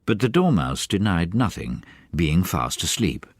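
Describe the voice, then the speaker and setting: A man reading a children's novel aloud as an animated audiobook narrator. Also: low voice, unhurried, no echo. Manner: animated, varied storytelling. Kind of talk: expressive storybook narration.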